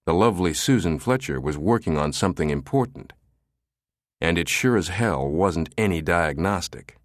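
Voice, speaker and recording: A male narrator reads a thriller audiobook in a very low, deep voice. His pitch rises and falls with the story. The recording is dry and close to the mic. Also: lively intonation, moderate pace, dry recording. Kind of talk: scripted narration of a thriller novel.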